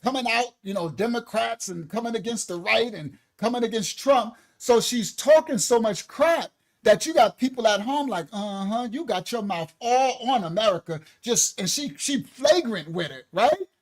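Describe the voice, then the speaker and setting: A man hosting an online show, giving animated comedic commentary, often laughing and acting out little quoted exchanges. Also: very high-pitched, normal speed, poor audio.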